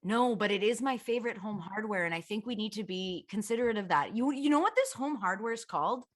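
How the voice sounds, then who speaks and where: A Canadian woman guesting on a video call, chatting and joking in an animated, self-mocking way with frequent laughter. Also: mid-range voice, fast talker. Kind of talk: casual comedic chat on a video call.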